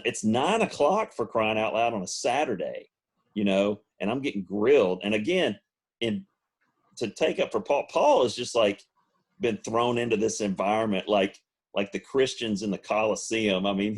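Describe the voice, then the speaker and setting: A man's voice: mid-range voice, slightly rough. A man co-hosting a sports talk show, telling a story in a casual chat and laughing often. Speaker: podcast co-host.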